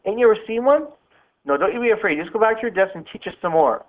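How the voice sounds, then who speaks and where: Man doing a gentle polite little schoolboy. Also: high-pitched, expressive, quick pace, voice pushed up. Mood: eager. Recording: tinny phone-like sound.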